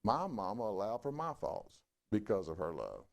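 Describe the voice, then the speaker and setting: Folksy male preacher, lively pitch. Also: moderate pace, vocal fry. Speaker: pastor. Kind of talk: sermon.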